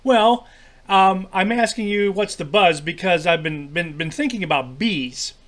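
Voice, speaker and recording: A man teaching a children's devotional lesson in a friendly, halting way, full of fillers and repeated words. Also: sits high, expressive, fairly bright tone.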